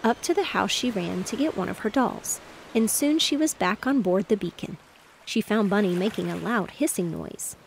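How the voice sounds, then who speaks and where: Woman, soft bedtime story narration, soothing and even, middle pitch, faint noise in the background. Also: normal speed, vocal fry.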